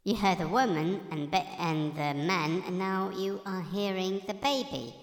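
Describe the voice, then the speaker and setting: A man talking through a voice changer that pitches him up into a baby voice. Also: unhurried, echoey room, in a large hall. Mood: demonstrative. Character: small baby voice. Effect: voice changer pitched far up.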